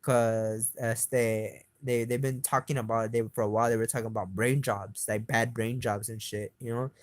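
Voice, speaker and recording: A man's voice: medium pitch, flat delivery, normal speed, dry recording. Agitated man in a profane rant. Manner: agitated, swears constantly, voice climbs when heated. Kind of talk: profane rambling rant to camera.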